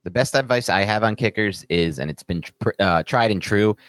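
A man co-hosting a podcast, giving advice and teasing his co-host with animated opinions. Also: fairly low pitch, normal speed, no room sound. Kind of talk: casual chat.

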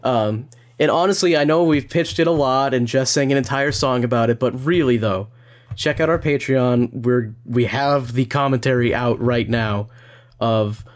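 A young man co-hosting a podcast in casual chat, wry and teasing, with a deadpan edge and some swearing. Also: mid-range voice, normal speed. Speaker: podcast co-host.

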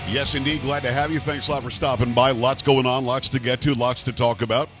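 A man's voice: mid-range voice, level tone, brisk, music in the background. A man hosting a talk radio show, delivering a sarcastic, emphatic political monologue into a studio microphone.

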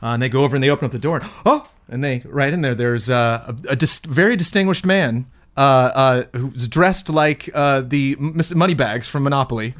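Guy improvising a silly story at a game table, lots of ums, middle pitch. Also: a little fast, hardly any pauses, a bit bright. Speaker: tabletop role-play player.

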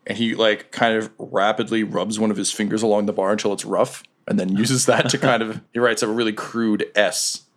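A man running a tabletop role-playing game, narrating scenes in a lively way with frequent fillers. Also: lowish voice, moderate pace, few pauses. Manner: lively storytelling with laughs and filler words. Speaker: game master.

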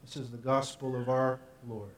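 A man preaching a sermon, first reading scripture and then telling stories in a measured way. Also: medium pitch, level tone, distant mic. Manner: measured reading that shifts into storytelling. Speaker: pastor. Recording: roomy sound, from away from the mic.

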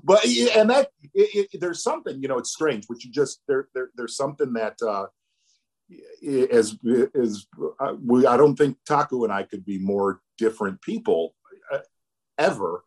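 Man, mid-pitch, husky edge, reflective and halting conversational delivery. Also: expressive, a little mellow. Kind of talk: casual conversation.

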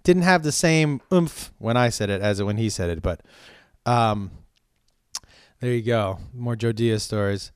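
A man's voice: fairly low pitch, unhurried, clear, resonant tone, no room sound, clean studio sound. A man hosting a podcast, chatting casually through listener questions, drawing out his vowels and rambling with many restarts. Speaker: podcast host; stand-up comedian.

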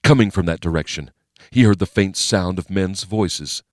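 Male audiobook narrator, thriller, very deep voice, steady measured reading, dry close mic. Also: dry recording.

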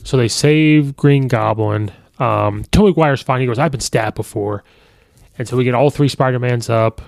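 A man hosting a podcast, talking casually through a film review and retelling scenes with quick quoted lines. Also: mid-range voice, gravelly, a little mellow, no echo, studio quality.

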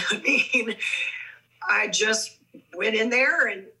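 A woman's voice: a little high, slow, slightly rough, rough recording. A middle-aged woman, a guest on an interview podcast, chatting casually and acting out quoted dialogue in her stories. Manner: animated, acts out quoted dialogue. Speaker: guest actress. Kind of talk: casual storytelling.

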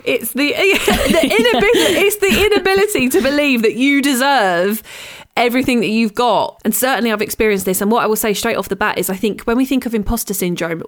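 A podcast co-host with a slightly high voice talks fast in a casual chat. She's candid and animated, laughs a lot, and tends to repeat herself.

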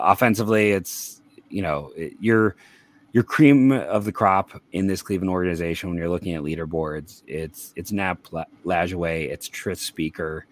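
A man hosting a casual sports podcast, reading statistics aloud with frequent fillers and restarts. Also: deep voice. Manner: reads stats aloud, hesitant with fillers and restarts. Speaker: podcast host.

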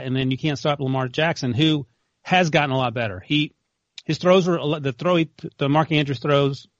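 A young man in casual sports debate as a co-host, opinionated and quick to correct. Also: mid-range voice, no echo, muffled recording. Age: young adult. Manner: fast, opinionated, corrects others.

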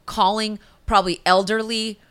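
A woman's voice: medium pitch, flat delivery, moderate pace, fairly bright tone, smooth. A woman co-hosting a podcast in casual chat, blunt and profane with laughing asides. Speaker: podcast co-host.

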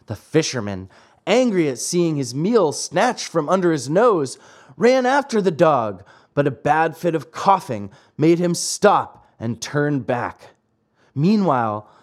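A man narrates a classic fairy tale as host of an audiobook. His pitch sits a little high and roams widely as he acts out the story. The telling is expressive. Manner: animated, expressive reading.

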